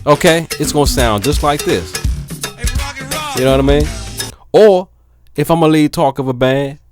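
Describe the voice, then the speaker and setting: A man, a DJ talking casually to his viewers, filling pauses with "um", then turning animated and emphatic. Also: fairly high pitch, over music. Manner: laid-back with many fillers, then animated and emphatic. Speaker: DJ and vlogger. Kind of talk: casual talk to camera.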